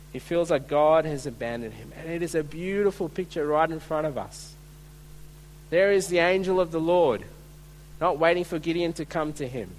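A male pastor preaching a sermon at a church service, earnest and emphatic, slowing to stress key words. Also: on the high side, slight background noise.

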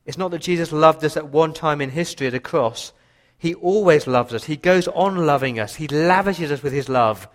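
A man's voice: on the high side, animated, normal speed, few pauses. Passionate male preacher. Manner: passionate preaching, voice rising and dropping for emphasis. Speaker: pastor. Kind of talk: sermon.

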